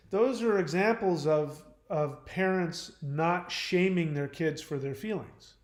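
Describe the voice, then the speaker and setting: Male host, casual rambling delivery, slightly high pitch, recorded in a reverberant room. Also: slow, few pauses. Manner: rambling, with frequent restarts and fillers. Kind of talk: casual livestream talk.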